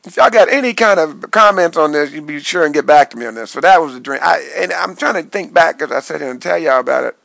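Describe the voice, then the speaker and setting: A man telling a wild dream story as a casual vlog monologue, excitable and swooping between high yelps and low mutters, in a small dry room. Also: fast, creaky, no echo, rough recording. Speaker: vlogger recounting a dream.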